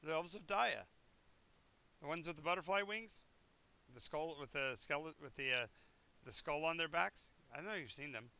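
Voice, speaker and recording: A man's voice: on the high side, moderate pace, creaky, long pauses, sharp tone, a little hiss or hum. A man doing a blustering giant lord. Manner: blustering, grandiose. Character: boastful male giant lord, grandiose and vague.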